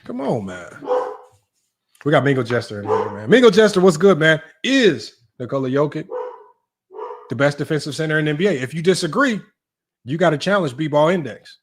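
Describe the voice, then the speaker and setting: A young man talking off the cuff on a home livestream, reading out viewer messages. He is mocking and animated, and his slightly high voice jumps even higher when he can't believe what he's hearing. He sounds close to a desk microphone. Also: brisk. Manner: animated, mocking, rises sharply when incredulous. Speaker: sports talk livestream host. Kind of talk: casual livestream chat reading super chats.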